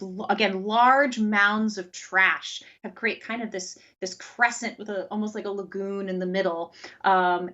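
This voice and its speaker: A woman narrates a tabletop game as its game master, with an animated delivery. Her voice is bright and forward. The sound is muffled and lo-fi, like a streamed call. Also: mid-range voice.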